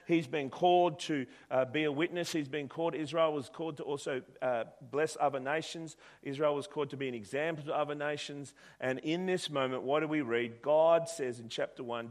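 A man's voice: a little high, normal speed. A male preacher giving a sermon in an easy, conversational way. He leans on rhetorical questions and plain talk. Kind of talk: sermon with a told story.

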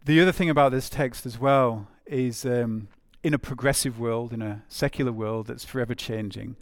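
Gravelly-voiced male preacher, dry sound. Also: medium pitch, fairly even intonation, moderate pace, no room sound. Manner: conversational, repeats phrases, many fillers. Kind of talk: sermon.

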